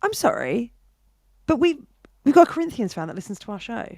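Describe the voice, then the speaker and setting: A woman hosting a podcast, excitable and jokey in casual chat. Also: fairly high pitch, creaky, no room sound. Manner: excitable, jokey, quick restarts. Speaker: podcast host.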